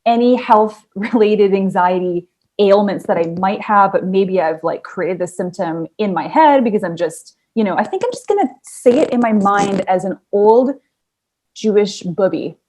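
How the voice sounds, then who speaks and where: A woman's voice: mid-range voice, expressive, moderate pace, a little mellow. A woman co-hosting a podcast in casual chat, bubbly and rambling, often breaking into laughter. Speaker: podcast co-host.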